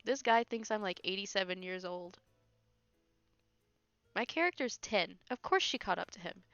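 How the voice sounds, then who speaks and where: A woman's voice: medium pitch, normal speed, a bit bright, smooth, no echo. A woman streamer giving casual gameplay commentary, laughing often and making sarcastic, teasing remarks. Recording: dull lo-fi stream audio with faint game music.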